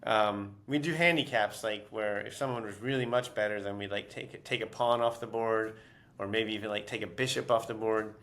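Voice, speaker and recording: A man's voice: fairly low pitch, moderate pace, fairly bright tone. A man being interviewed as an author, telling stories casually with many fillers and restarts.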